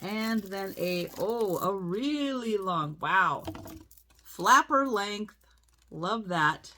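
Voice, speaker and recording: A woman's voice: mid-range voice, expressive, sharp tone, a little hiss or hum. A woman chatting casually while she unboxes a parcel on her vlog, exclaiming and gasping over each item. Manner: slow, exclaiming, lots of oohs and gasps. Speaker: reseller vlogger.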